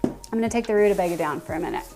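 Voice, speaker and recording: Woman chatting on a baking stream from her kitchen, answering chat, laughing a lot, soft music in the background. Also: fairly low pitch, animated, racing. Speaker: livestream baking host. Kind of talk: casual live-stream chat while baking. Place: home kitchen.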